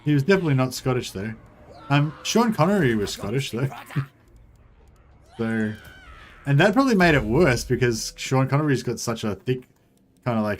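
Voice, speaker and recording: A man streaming a strategy game, rambling casually, chatting with viewers and swearing now and then. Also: on the low side. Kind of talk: casual livestream commentary.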